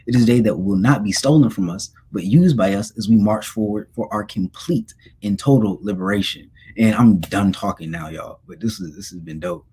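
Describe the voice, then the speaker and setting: A young man speaking as a guest on a livestream, earnest and relaxed, with casual slang. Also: lowish voice, normal speed, few pauses, slightly rough. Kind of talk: informal lecture and chat.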